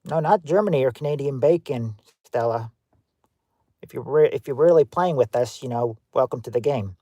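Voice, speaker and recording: A man's voice: medium pitch, normal speed, warm tone, no echo. Chatty man hosting a livestream game. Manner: chatty, rattles off guesses and greets viewers by name; offhand, with frequent fillers and restarts. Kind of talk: livestream game show hosting, reading chat guesses.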